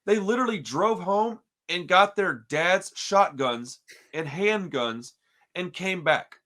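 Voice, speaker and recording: A man with a high voice takes his time as he hosts a podcast and tells a story. His chat is casual, animated, and profane, and he calls everyone "dude" constantly.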